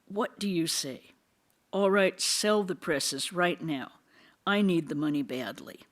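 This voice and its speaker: A reader voicing a spirited elder monk who teases and commands his brother monks, with lively, emphatic scolding. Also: medium pitch, takes it slowly. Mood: commanding.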